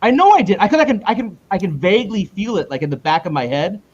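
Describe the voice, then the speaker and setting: A male comic book creator being interviewed in a casual chat. He rambles, restarts himself and jumps up in pitch when he retells conversations. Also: very animated, fast talker, a little mellow, breathy edge, highs cut off.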